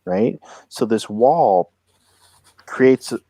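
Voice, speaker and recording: A man's voice: medium pitch, lively intonation, drawn-out words, mellow, husky, no room sound. A man narrating as game master of a tabletop roleplaying game, describing scenes and asking players what they do.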